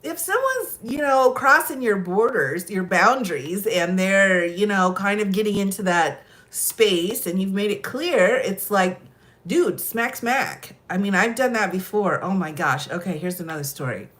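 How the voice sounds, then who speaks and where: A woman's voice: medium pitch, moderate pace, few pauses. Laughing American woman telling stories. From United States. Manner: laughs often, animated storyteller. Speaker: host. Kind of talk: casual storytelling chat.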